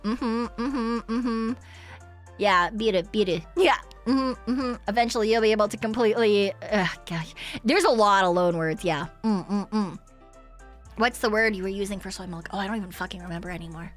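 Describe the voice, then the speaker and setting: A female VTuber streamer chats casually and rambles in a livestream, laughing often and swearing now and then. Her medium-pitched voice moves at a normal speed over faint music.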